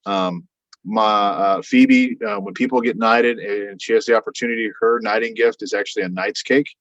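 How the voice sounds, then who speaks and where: Speaking at a moderate pace, a man on a podcast rambles through a lengthy story, animatedly voicing other people's lines and leaning on frequent fillers. The sound has no echo and is dull, dry, and low-fidelity.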